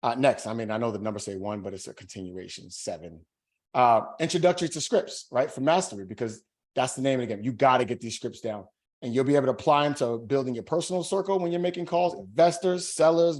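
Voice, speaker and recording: A man coaching new real estate agents in a webinar course pitch, talking casually and emphatically and tagging his sentences with "right?". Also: darkish tone. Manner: emphatic, slangy hype.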